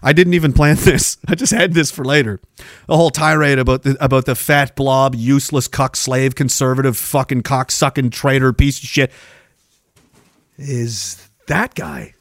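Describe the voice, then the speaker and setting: A man hosting a podcast, ranting loudly and profanely with a taunting delivery. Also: medium pitch, fairly even intonation, moderate pace, no echo, clean studio sound. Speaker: podcast host.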